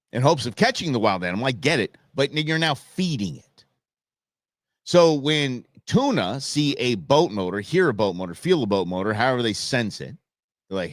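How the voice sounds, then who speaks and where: Animated man ranting on a live show. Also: medium pitch, moderate pace, no room sound, studio quality. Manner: animated, stammering repeats, sarcastic. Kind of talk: casual livestream rant.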